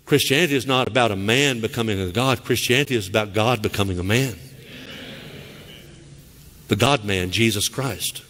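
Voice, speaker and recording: Animated Southern pastor preaching in reverberant church. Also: male voice. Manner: animated preaching, acts out quoted voices with sharp high shouts. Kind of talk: sermon. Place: church sanctuary. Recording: church sanctuary with long reverb.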